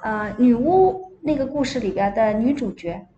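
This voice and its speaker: Mandarin-native mom coaching a young reader, soft and quiet, a touch high, faint hiss in a roomy home. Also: female voice, animated, normal speed, lo-fi sound. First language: Mandarin Chinese. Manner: soft, quiet prompting and echoing the child's words. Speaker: parent reading along with a child. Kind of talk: casual read-along chat.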